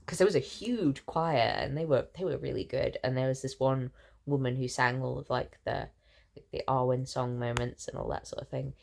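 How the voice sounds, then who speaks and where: Tired young woman with a low voice. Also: normal speed, gravelly. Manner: rambling, excitable, giggly. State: tired, losing her voice. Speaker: book vlogger. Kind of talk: casual chatty vlog. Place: lying in bed.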